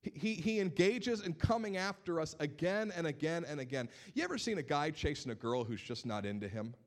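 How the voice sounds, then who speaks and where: A male pastor preaching a sermon, telling stories in an animated way and repeating words as he builds his points. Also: a little high, brisk.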